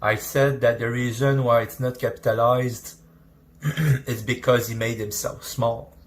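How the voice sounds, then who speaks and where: A man explaining scripture in a preaching style, halting and restarting mid-sentence. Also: mid-range voice, level tone. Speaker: Bible teacher on a video clip.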